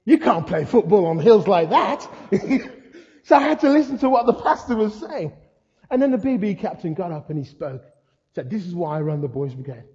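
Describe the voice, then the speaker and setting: An older man preaching a sermon, telling stories with humor and lively asides. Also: high voice, a little fast. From England. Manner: storytelling, humorous, animated asides. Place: church hall. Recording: muffled sound in a reverberant hall.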